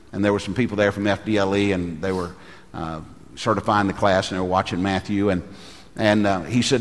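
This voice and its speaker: A man's voice: fairly low pitch, steady tone, a little fast, fairly bright tone, long reverb tail. A middle-aged man preaching, a pastor telling folksy stories and acting out the voices he quotes. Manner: folksy storyteller who acts out quoted voices. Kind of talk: sermon with storytelling.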